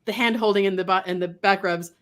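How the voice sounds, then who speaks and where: A woman's voice: mid-range voice, fairly even intonation, quick pace, fairly bright tone. A woman speaking as a guest dog trainer in a casual interview, talking animatedly and acting out quoted voices.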